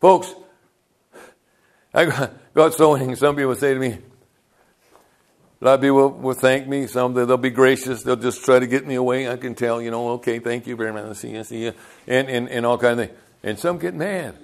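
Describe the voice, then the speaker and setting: A man's voice: medium pitch, steady tone, brisk. An older man preaching a sermon as pastor, telling folksy stories and calling out to the congregation.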